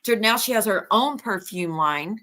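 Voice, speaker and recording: A woman hosting a stream, retelling gossip in a rambling, animated way with many restarts. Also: mid-range voice, normal speed. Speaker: livestream host. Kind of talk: casual gossip chat.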